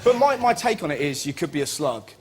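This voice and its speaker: A young man tells comic stories on a chat show, his voice pitched a little high. He is lively and animated, jumping to high squeals when he does other people's voices. Studio audience noise sits clearly behind him. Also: fast. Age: 20s. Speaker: comedian guest. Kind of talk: anecdotal chat show storytelling.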